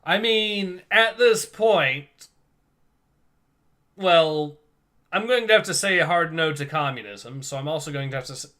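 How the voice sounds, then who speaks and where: Guy hosting a comic-reading stream, chatty and jokey, kinda high bright voice. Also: a little slow. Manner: chatty, laughs often, reads chat aloud. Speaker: livestream host reading comics. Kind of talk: casual livestream chat.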